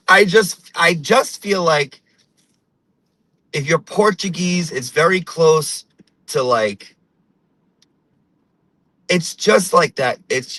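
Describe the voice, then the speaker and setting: A man hosting a comedy show, rambling and swearing as he riffs in a slow, drawn-out way. His voice is bright and edgy, recorded dry and close. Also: a little high, no echo, poor audio. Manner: animated, profane, rambling. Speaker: host. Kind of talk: casual comedic monologue.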